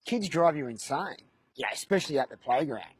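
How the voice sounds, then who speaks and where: An Australian man delivers a comic monologue about parenting in a deadpan, crude way. He drops mocking asides. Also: mid-range voice, a little fast, slightly rough. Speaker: comedian. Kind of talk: stand-up style comic monologue.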